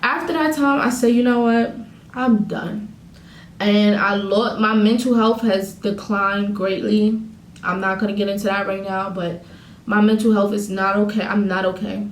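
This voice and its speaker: A woman's voice: medium pitch, fairly even intonation, normal speed, echoey room, slight background noise, rough recording. A woman vlogger venting candidly to her viewers, telling a painful breakup story in her own words. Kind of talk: emotional storytime vlog.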